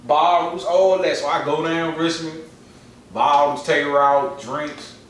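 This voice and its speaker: A man telling a personal story in casual chat, animated and full of slang and repetition. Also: fairly high pitch, measured pace, slight background noise. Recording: echoey room, far from mic.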